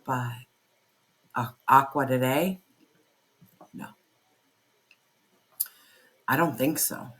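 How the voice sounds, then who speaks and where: An intense tarot reader talks straight to the listener in a fiery pep-talk, hammering points home with repeated phrases and plenty of swearing. The pitch sits in a middle range, neither high nor low. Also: extremely slow, pauses often, a bit bright. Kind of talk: spoken tarot reading to camera.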